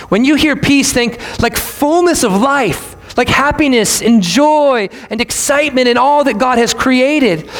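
High-voiced male pastor in a reverberant hall. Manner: emphatic, repeats key lines slowly. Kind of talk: sermon.

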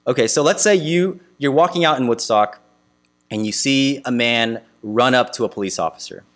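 A man preaching a sermon to his congregation, asking earnest rhetorical questions with emphatic pauses. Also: medium pitch, a bit bright. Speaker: pastor.

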